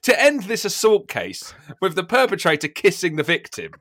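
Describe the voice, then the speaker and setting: A man hosting a casual podcast chat, laughing and reacting with incredulous, high exclamations. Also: huge pitch swings, normal speed, bright, forceful tone. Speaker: podcast host.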